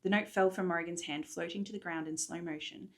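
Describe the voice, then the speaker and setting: A woman chats through a readalong recap of her own book, enthusiastic and chatty. Her voice sits fairly low for a woman. It is recorded in a hotel room. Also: steady tone, fast. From Australia.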